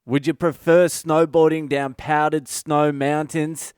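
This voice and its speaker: A man rants through a comic monologue, swearing freely in a sardonic tone. His voice is smooth and clean, recorded close and dry with no room sound. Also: fairly high pitch, flat delivery, measured pace, a little mellow, no echo. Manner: profane, ranting, sardonic. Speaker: comedian podcast host. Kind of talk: solo comedic monologue.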